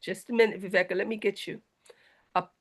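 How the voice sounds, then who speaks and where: A woman from South Carolina moderating a video-call discussion, brisk and organizing, with joking asides. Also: medium pitch, fairly even intonation. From South Carolina, USA. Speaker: host and moderator.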